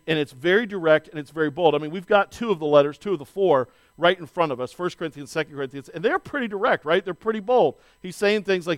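A pastor in his forties preaching a conversational sermon, animated, with plenty of casual asides. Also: sits high, no echo.

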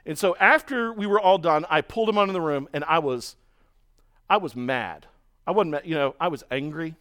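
A man preaching a sermon, telling stories in a lively way and acting out the voices of other people. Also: on the high side, normal speed, smooth. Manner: storytelling, animated, mimics voices in quotes. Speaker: pastor.

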